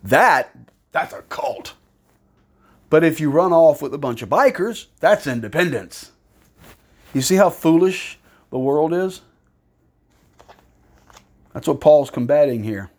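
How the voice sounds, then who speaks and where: Male preacher, high-pitched, animated, rhetorical and sarcastic. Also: slow pace, pauses often. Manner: animated, rhetorical questions, sarcastic mock-praise in raised pitch. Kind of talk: sermon.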